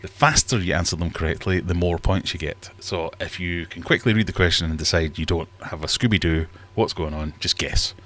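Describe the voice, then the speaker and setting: Deep guy rambling away on his livestream, self-deprecating and casual. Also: brisk, few pauses, a bit bright, a little hiss or hum. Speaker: livestream host. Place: home fish room.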